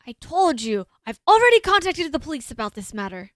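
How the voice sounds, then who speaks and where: A woman's voice: high voice, sing-song, brisk, fairly bright tone, dry recording, studio quality. A woman voicing a polite, flustered Japanese male scientist in a game, stiff and stammering.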